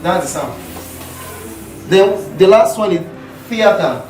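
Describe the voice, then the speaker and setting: High-voiced Nigerian man teaching a class. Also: expressive, measured pace, long pauses, very noisy. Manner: drills sounds by repeating words loudly. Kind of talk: classroom pronunciation lesson. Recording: echoey room from far off with music.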